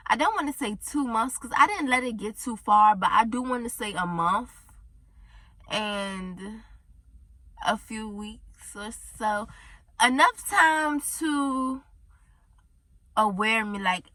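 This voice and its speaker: A woman's voice: on the high side, pushed and bright, no room sound. A pregnant teenage girl telling a casual story-time vlog from inside a car, chatty and rambling, a little tired and down. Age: teens. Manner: chatty, rambling, says y'all often. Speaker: vlogger.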